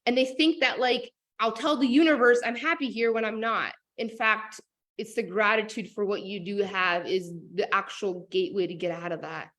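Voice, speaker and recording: A woman talking casually as a motivational coach, animated and full of fillers like "like" and "oh my God". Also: mid-range voice, normal speed. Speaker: business and manifestation coach.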